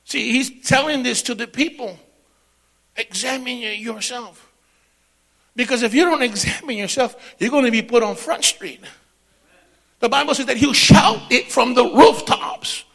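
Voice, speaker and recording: High gravelly male preacher. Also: a little slow. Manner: call-and-response preaching, swinging between loud and hushed. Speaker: pastor. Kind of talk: sermon. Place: church.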